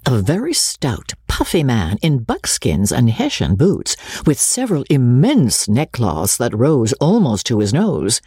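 A narrator reading a classic novel aloud, expressive with ironic asides. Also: medium pitch, a little slow, hardly any pauses, breathy edge, dry recording, clean studio sound. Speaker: audiobook narrator.

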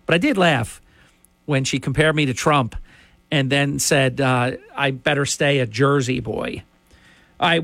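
A man's voice: fairly high pitch, a bit bright, no room sound. A man hosting a talk radio show, ranting emphatically and indignantly into a studio microphone.

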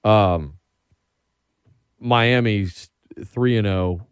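A man's voice: lowish voice, very slow, smooth, no room sound, studio quality. A man hosting a casual sports talk show, rambling and getting worked up as he talks. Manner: animated, rambling, gets worked up. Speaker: podcast host.

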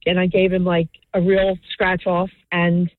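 A woman calling in to a radio show and telling a prank story with lively acted-out quotes. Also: on the low side, a little slow. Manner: animated storyteller, acts out quotes. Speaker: caller. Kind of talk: phoned-in storytelling. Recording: tinny dry phone line.

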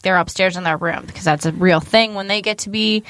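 A woman's voice: lowish voice, a little fast, a bit bright, no echo. Chatty woman podcast cohost. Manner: candid, chatty, laughs often. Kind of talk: casual chat.

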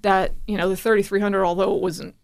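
A woman guest on a radio talk show, telling a personal story in a casual, animated way and acting out the dialogue. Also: mid-range voice, quick pace, vocal fry, clear, resonant tone. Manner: animated, acts out quoted dialogue. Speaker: guest, parent sharing her son's story.

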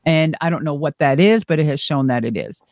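A woman's voice: low voice, a little fast, darkish tone, no echo. A middle-aged woman being interviewed, telling stories with gusto, laughing often and swearing casually. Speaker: guest. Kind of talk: storytelling interview.

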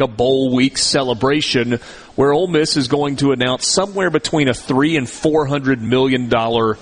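A middle-aged man hosting a sports talk show, his voice sitting at a middle pitch. He chats casually at length and often stutters over the first words of a sentence as he restarts. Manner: talkative, repeats words when starting. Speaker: sports radio host.

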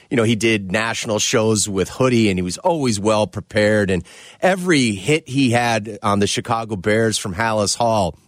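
Man, sports radio host, conversational, reflective, mid pitch, dry studio sound. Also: fairly bright tone, no room sound.

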